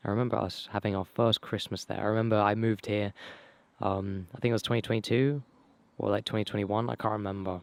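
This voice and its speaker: A young man tells his own life story casually, rambling and swearing, with many fillers and restarts, his voice going hoarse. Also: fairly low pitch, steady tone, brisk, dry recording. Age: young adult. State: losing his voice. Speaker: vlogger.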